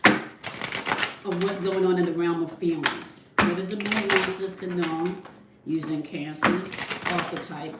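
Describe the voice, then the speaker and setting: A woman's voice: steady tone, unhurried. A woman giving a tarot reading who explains each point and checks in with "okay?" as she talks to viewers from her desk. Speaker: tarot reader. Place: at a desk indoors. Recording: echoey room, mic at a distance, faint rumble.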